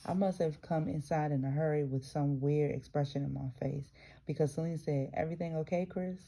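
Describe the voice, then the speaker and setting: A Southern American woman reads a memoir aloud, drifting into chatty asides and often restarting and correcting her words. Her voice sits low and creaky yet mellow, with fairly even intonation and a brisk pace.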